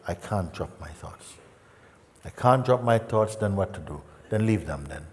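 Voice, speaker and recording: Man, spiritual teacher, low voice, gentle playful talk, long hall echo. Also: animated. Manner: gentle, playful, with long pauses and soft asides. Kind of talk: satsang talk.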